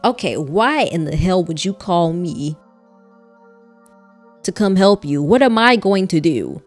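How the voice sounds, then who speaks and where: A woman voicing a young heroine in a visual novel, asking high, loud, flustered questions. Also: big pitch swings, slow, soft background music. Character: young woman, frantic and exasperated protagonist.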